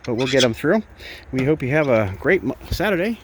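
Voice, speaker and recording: A man's voice: sing-song, brisk, a little hiss or hum. A man who keeps birds, chatting casually on a vlog as he walks by an outdoor aviary. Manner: chatty, baby-talks to birds in a high voice. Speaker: bird sanctuary keeper.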